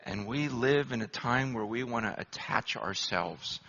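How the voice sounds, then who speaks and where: A pastor preaching a sermon, moving between hushed, low storytelling and loud, impassioned exhortation. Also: male voice, lively intonation, measured pace, vocal fry. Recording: dull lo-fi recording.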